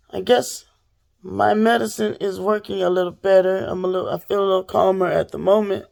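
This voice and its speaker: Gravelly woman vlogger, animated storytime rant straight to camera. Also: mid-range voice, normal speed, pauses often. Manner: animated, talks straight to viewers.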